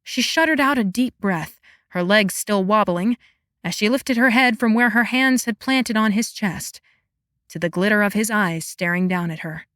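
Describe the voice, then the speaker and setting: A woman's voice: medium pitch, moderate pace, fairly bright tone, no echo. Woman narrating a romantasy audiobook, dry sound. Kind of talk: scripted narration.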